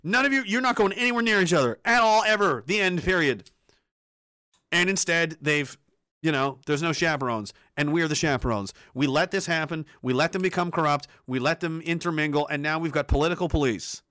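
A man from Canada tears into the news on his own commentary show, swearing freely and dripping sarcasm. His voice is bright and a little high, and it sounds close and dry with no room around it. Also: brisk, no room sound. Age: adult, ex-soldier. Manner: profane, sarcastic, heated. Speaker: commentary host. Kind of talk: ranting political commentary.

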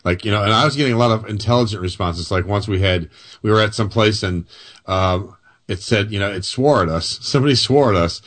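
A man's voice: fairly low pitch, a little fast, a bit bright. A man hosting an interview, asking enthusiastic, stumbling questions. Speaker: podcast host.

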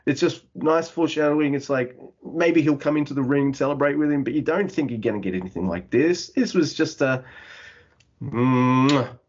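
A man co-hosting a wrestling podcast, recapping a match in excited, profane casual chat. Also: mid-range voice, normal speed, dull audio. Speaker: podcast co-host.

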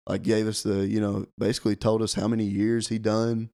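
A young man tells a story in a relaxed, chatty way, and his voice sits a little low. He acts out the quoted lines as he goes. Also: a little fast, hardly any pauses. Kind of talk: casual storytelling.

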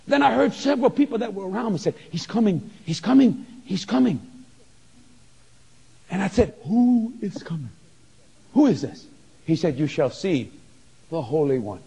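A man telling a vivid heaven testimony in a sermon, excited, stammering and exclaiming as he goes. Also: sits high, a little fast, vocal fry, husky, long reverb tail. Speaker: preacher.

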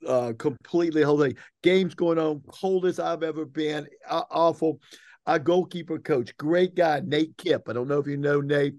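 A man's voice: fairly high pitch, moderate pace, no echo, clean studio sound. Man laughing through a coaching anecdote. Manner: lively, laughing anecdote-telling. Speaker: soccer coach and podcast co-host. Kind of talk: casual chat and storytelling.

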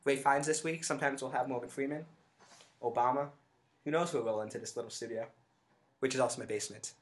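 A man's voice: mid-range voice, fast. A man co-hosting a casual podcast from a home basement, joking and laughing often. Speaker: podcast co-host. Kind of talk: casual chat.

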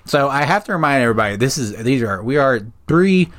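A man hosting a comedy podcast, jokey and animated, running the segments with quick asides and swearing. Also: medium pitch. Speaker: podcast host. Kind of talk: casual comedy podcast chat.

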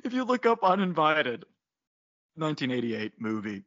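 A man with a bright, forceful voice talks through a movie's plot with a friend, laughing often and slipping into quick character voices. The sound is dry and somewhat dull, like a lo-fi recording. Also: fairly high pitch, very animated, no echo. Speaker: podcast co-host. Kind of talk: casual movie recap chat.

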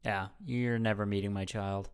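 Brief: male podcast host, smooth clear voice, brash jokey banter, cusses a lot. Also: fairly low pitch, flat delivery, normal speed. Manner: brash, joking, swears freely.

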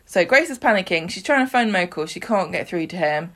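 A woman recaps a soap in casual, chatty podcast talk, slipping into voices for the characters. Her voice sits a little low. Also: expressive, fairly quick, a bit bright, slight background noise. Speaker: podcast co-host.

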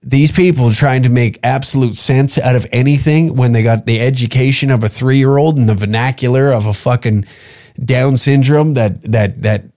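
A man's voice: mid-range voice, fairly even intonation, normal speed, darkish tone. Exasperated, profane male podcast host. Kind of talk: comedic podcast rant.

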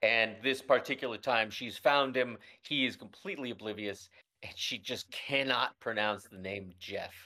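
A man co-hosting a podcast, chatting casually and telling animated stories with quick impressions. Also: medium pitch. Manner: animated storytelling with voiced impressions. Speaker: podcast co-host. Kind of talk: casual chat.

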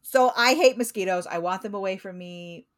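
A woman's voice: medium pitch, moderate pace. A woman hosting a podcast in casual chat, playful and jokey as she asks questions. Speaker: podcast host.

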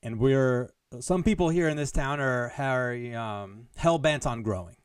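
Guy from the midwest rambling on his solo comedy podcast, jokey and mock-grand, clean clear voice. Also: mid-range voice, a little slow, dry recording, studio quality. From American Midwest. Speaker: podcast host. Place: Des Moines. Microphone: headphones on, home podcast mic.

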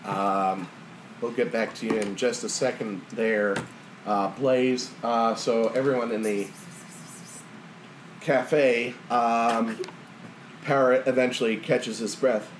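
A man narrating as game master of a tabletop game, relaxed and halting with fillers. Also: medium pitch, a little hiss or hum.

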